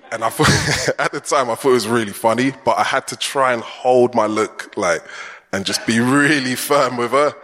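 A man's voice: mid-range voice, pushed and bright. A man preaching a chatty, conversational sermon in a church and putting questions to the congregation. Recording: long church hall reverb.

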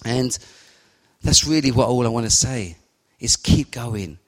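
A man's voice: medium pitch, measured pace. A man giving a fervent, repetitive sermon and spoken prayer. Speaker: lay preacher. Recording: long hall reverb.

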